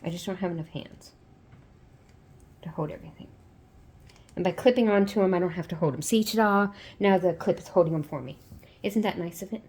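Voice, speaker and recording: A woman's voice: lowish voice, a little fast, long pauses, darkish tone, slight background noise. A woman teaching a hands-on craft step by step, patient and chatty, checking in with the viewer often. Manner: patient, repeats steps and checks in with frequent "okay?"; chatty and homey, with playful "ta-da". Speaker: crafter teaching sock machine knitting. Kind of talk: step-by-step tutorial.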